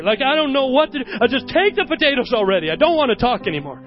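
A man with a notably high voice delivers a sermon, spinning a personal story with lively, self-mocking energy. Worship music plays clearly behind him, and the recording sounds a little dull. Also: fast. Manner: animated storyteller, often laughing at himself. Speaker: preacher. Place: church service.

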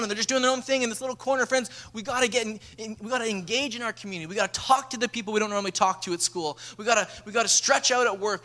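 A young man, preaching a lively sermon as a pastor and acting out stories. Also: high voice. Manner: energetic storytelling preacher, acts out dialogue.

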